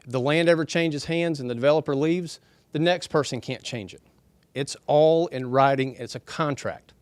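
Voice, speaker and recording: A middle-aged man, speaking earnestly and softly to residents at a town meeting. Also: a little high, moderate pace, clear, resonant tone, no echo. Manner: soft-spoken, earnest, folksy. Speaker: developer's representative at a town hall. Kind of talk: public speech at a town meeting.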